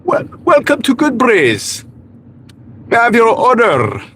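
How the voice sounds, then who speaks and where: A man's voice: very high-pitched, wildly swooping pitch, measured pace, voice pushed up, full character voice. A man voicing an overly formal male drive-through order taker, in an exaggerated put-on accent with a sing-song greeting. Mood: mock-polite. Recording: car road noise.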